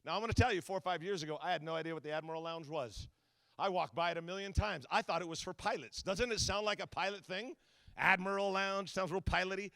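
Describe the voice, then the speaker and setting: A man's voice: high-pitched, fast, creaky, no room sound. A middle-aged man preaching a sermon as a guest speaker, telling stories and acting out the voices in them. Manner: storytelling, animated, acts out quotes.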